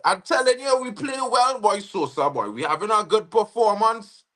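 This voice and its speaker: Excitable Trinidadian man calling a match. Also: sits high, moderate pace. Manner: excitable, slangy, bursts into shouting at goals. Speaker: football fan livestream host. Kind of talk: live match watch-along commentary.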